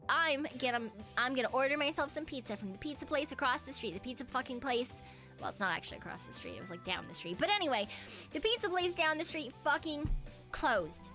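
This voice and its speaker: A young woman streams as a VTuber in a high, pushed, bright voice, chatting casually with her viewers. She swears freely and grumbles in a mock-dramatic way.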